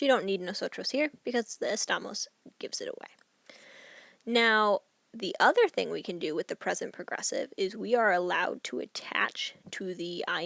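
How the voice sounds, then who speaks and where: A woman teaching a recorded Spanish grammar lesson, explaining each rule clearly and reading example sentences aloud. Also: medium pitch, no room sound.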